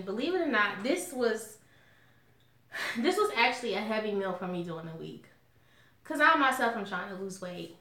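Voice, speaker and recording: A woman's voice: mid-range voice, lively intonation, normal speed, pauses often, pushed and bright, reverberant, slight background noise. A woman from Alabama with a Southern accent, chatting casually and outspokenly to her viewers while eating. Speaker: mukbang vlogger.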